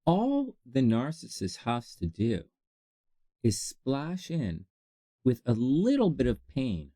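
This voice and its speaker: A channel host talking casually to viewers, animated and laughing often, jumping between low asides and high exclamations. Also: slow, no echo, studio quality. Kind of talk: casual advice monologue to camera.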